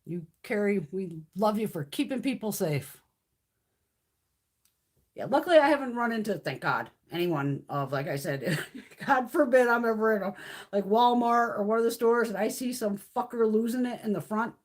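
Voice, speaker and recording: A woman's voice: medium pitch, animated, normal speed. A woman in her fifties hosting a casual beauty livestream, talking bluntly and swearing constantly as she rants. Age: 50s. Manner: profane, blunt ranting. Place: home, mountain area.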